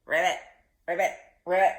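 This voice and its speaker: A woman voicing a friendly little frog puppet who croaks and answers in short guesses. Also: on the low side, flat delivery, normal speed, roomy sound, lightly acted. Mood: cheerful croaking.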